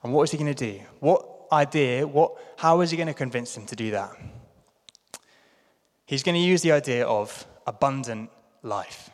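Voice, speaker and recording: A man's voice: medium pitch, normal speed, long reverb tail. A man from London with a British accent preaching a sermon in a chatty, self-deprecating way. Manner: chatty, self-deprecating, puts on playful voices for quotes. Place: church hall.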